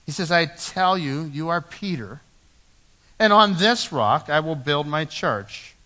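A man preaching a sermon as pastor in a church, swinging from loud emphatic lines to low, hushed ones.

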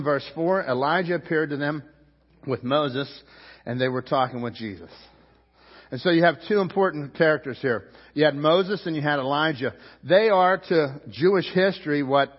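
A man's voice: fairly high pitch, muffled recording. Conversational male pastor preaching in a hall. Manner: conversational, repeats words, asks the crowd questions. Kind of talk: sermon.

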